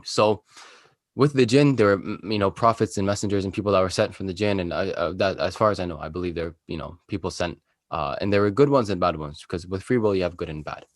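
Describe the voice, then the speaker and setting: A young man co-hosting a podcast, explaining a topic in a relaxed, conversational way with plenty of fillers. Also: sits low, quick pace, no room sound, studio quality. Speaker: podcast co-host. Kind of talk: casual podcast chat.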